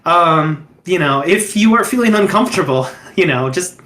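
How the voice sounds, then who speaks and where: A man voicing a dashing, courteous young male wraith who greets guests at a tea house, warm and fervent. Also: sits high, expressive, moderate pace, slight background noise. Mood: gentle.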